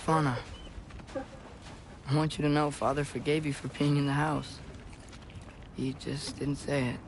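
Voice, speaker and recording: An actor voicing an earnest, kind teenage boy god in a game, speaking gently and wryly. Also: on the high side, level tone, a little slow, background noise. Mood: tender. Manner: earnest, gentle and soothing with animals. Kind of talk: video game cutscene acting. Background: game music.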